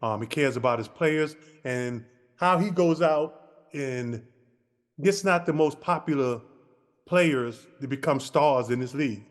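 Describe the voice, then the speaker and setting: A man co-hosting a podcast, telling a lively basketball anecdote and acting out the dialogue. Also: mid-range voice, a little slow, long reverb tail. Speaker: podcast co-host. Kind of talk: casual storytelling.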